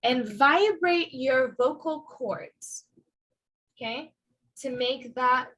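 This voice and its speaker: A woman teaching English pronunciation in a class, slow and patient, modeling sounds over and over for her students. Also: high-pitched, animated, a bit bright, rough recording. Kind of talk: online class lesson.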